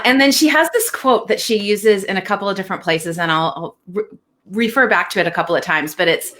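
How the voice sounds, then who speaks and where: A woman's voice: lowish voice, pushed and bright. A woman hosting a live-streamed interview chat, bubbly and effusive, laughing often. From United States. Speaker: host.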